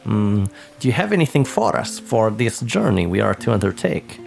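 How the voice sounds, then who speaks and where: A man voicing a male adventurer from another culture who speaks in a stilted, halting way in a tabletop game. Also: on the low side, sing-song, vocal fry, darkish tone, soft background music, pitched below the performer's own voice, full character voice. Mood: formal.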